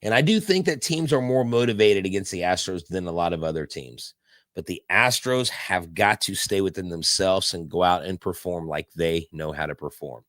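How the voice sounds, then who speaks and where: Fired-up sports podcast host. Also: male voice, low-pitched, expressive, normal speed, fairly bright tone, dry recording, studio quality. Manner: emphatic pep-talk delivery, rhetorical questions. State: hyped up.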